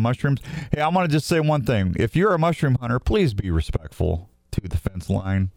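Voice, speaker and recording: A man's voice: mid-range voice, no room sound. A man from Missouri hosting a radio show in casual, joking, rambling talk, a little sleep-deprived.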